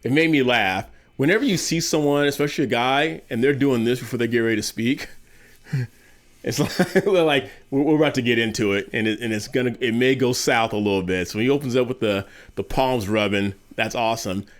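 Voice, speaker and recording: A man's voice: mid-range voice, brisk. A man co-hosting a video reaction show, making amused remarks and laughing often. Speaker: co-host. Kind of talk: reaction commentary.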